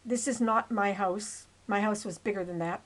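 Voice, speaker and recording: A woman's voice: medium pitch, normal speed, poor audio. Earnest, rambling woman in her seventies. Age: 70s. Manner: earnest and rambling, with restarts and asides. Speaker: narrator of her own life story. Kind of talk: personal storytelling over old photos.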